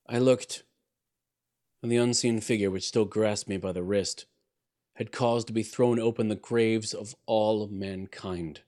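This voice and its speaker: A man with a fairly low voice reads a gothic tale aloud in a measured, theatrical way. His phrases swell on the dramatic words and sink quietly at their ends. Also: steady tone. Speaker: narrator. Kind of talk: dramatic reading of a gothic story.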